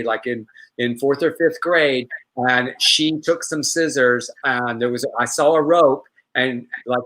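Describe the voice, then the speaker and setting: A man's voice: mid-range voice, pushed and bright, low-quality recording. A middle-aged man co-hosting a casual live talk show, telling a story in a rambling way with restarts. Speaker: co-host.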